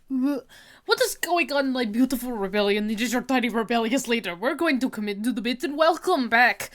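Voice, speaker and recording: A woman's voice: a little high, moderate pace. A woman streamer chatting casually on a livestream, rambling and giggling.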